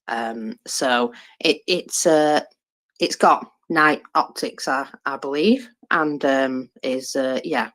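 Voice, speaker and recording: A woman co-hosting an online audio chat about war news, halting with fillers and restarts, with dry sarcasm. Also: rumbling low, fairly bright tone. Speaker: co-host commenting on war news. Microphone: Twitter Space audio.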